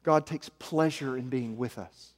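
A man from Arkansas preaching a sermon as pastor, emphatic, swinging from hushed to loud and repeating key lines. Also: medium pitch, unhurried. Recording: long reverb of a large hall.

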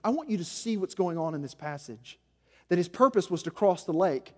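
A man preaching a sermon as senior pastor, swinging between loud emphasis and hushed, low passages. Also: expressive, brisk. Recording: long hall reverb.

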